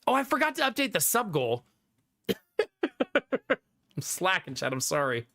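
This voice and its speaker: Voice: medium pitch, sing-song, moderate pace, a bit bright, no room sound, clean studio sound. A streamer chatting casually with viewers on a live stream, laughing often and thanking supporters.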